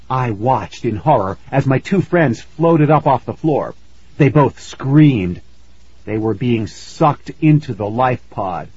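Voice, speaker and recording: A man narrates a spooky children's story slowly, letting his pitch rise and fall expressively. His voice has a husky grain. The dry, close recording sounds slightly muffled. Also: lively intonation, a little mellow, no echo.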